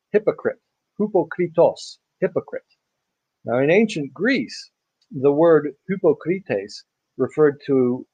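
A male pastor giving a conversational sermon-style Bible teaching, full of pauses and restarts. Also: medium pitch, dry recording, narrow, tinny audio. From United States. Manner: conversational, many fillers and restarts.

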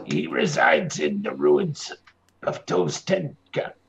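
A man voicing a captive male gnome cultist who snarls slow defiant threats. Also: a bass voice, huge pitch swings, gravelly, voice pushed down, heavily acted. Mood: gloating. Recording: dull lo-fi with faint noise.

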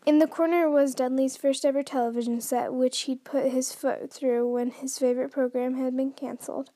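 Woman host reading aloud, high and soft-toned, dry close sound, frequent stumbles and restarts. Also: steady tone, normal speed, few pauses, no echo. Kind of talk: unrehearsed read-aloud narration.

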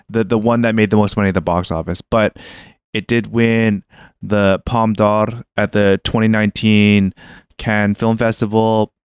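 A man's voice: on the low side, clear, resonant tone, no room sound, clean studio sound. A man co-hosting a casual podcast chat, explaining things at length with frequent fillers and restarts. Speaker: podcast co-host.

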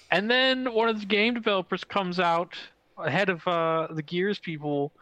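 A young man co-hosting a casual gaming podcast, telling stories excitedly with lots of fillers. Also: high voice, dry recording, rough recording. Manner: excitable, fast storytelling with swearing and many fillers. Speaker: podcast co-host.

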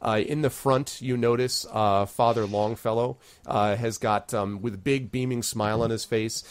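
A man's voice: mid-range voice, steady tone, normal speed, smooth. Man narrating as game master. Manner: loose narration with many fillers.

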